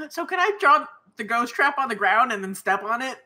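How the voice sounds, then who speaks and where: Woman player in a tabletop game, bright voice, bouncy pitch, eager and playful. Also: animated, normal speed. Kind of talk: casual tabletop game play.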